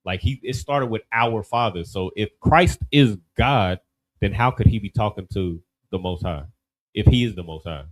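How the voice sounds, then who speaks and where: A man leads a relaxed class. His voice sits fairly low. He talks loosely and keeps checking in with his listeners. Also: moderate pace, rough recording. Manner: loose and conversational, many "you know what I mean" asides. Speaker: class teacher. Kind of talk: casual classroom teaching.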